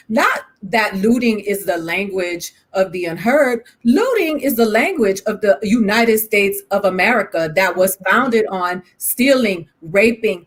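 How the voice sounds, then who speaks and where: A woman's voice: medium pitch, animated, unhurried, hardly any pauses, breathy edge. A woman from Miami, a panel guest, speaking with fiery emphasis and piling up rhetorical questions. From Miami, Florida. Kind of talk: impassioned panel discussion.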